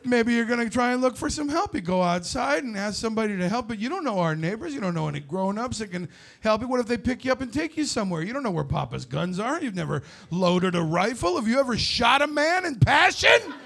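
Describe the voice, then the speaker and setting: Man in his forties, comedian, high voice, gravelly, brash stand-up storytelling. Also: expressive, fast talker. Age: 40s. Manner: brash, loud storytelling with crude jokes.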